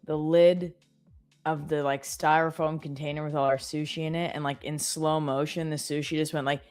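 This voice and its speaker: A woman's voice: deep voice, level tone, moderate pace, darkish tone, smooth, soft background music. A woman in her thirties, from Canada, telling chatty stories with lots of fillers as co-host of a live trading stream. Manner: chatty storytelling with many fillers. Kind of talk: casual chat.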